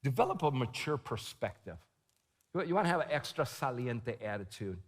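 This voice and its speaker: A middle-aged man giving a storytelling sermon at a conference, animated and shouting at the peaks. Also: mid-range voice, normal speed. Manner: animated, shouting at the peaks, laughing, quoting himself. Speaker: conference speaker. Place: large conference hall. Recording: long hall reverb.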